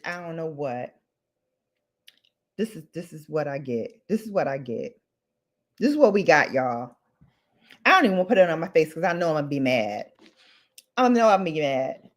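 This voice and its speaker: A woman's voice: fairly low pitch, sing-song, measured pace, long pauses, fairly bright tone. A woman beauty vlogger ranting in a casual, theatrical and dramatic way, with playful outbursts.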